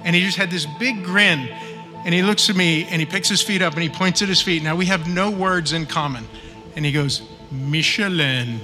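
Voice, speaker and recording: A man tells a personal story with a bright, forceful voice, acting out the people in it and often pausing on fillers. His voice rings with a long hall reverb, and faint music plays behind him. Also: fairly high pitch. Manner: animated, acts out quoted voices, many fillers.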